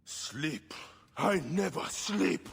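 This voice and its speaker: An actor playing a grim, vengeful Egyptian warrior man in a video game cutscene, speaking slowly and menacingly and breaking into shouts. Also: sits high, animated, gravelly, husky, in a large hall, full character voice. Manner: menacing, slow, bursts into shouts.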